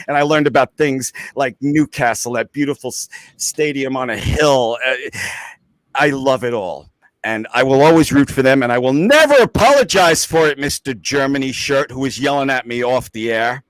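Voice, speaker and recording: An American man co-hosting a casual podcast. He talks with passion and excitement, and he swears freely. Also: mid-range voice, dry recording, low-quality recording. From United States. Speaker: podcast co-host.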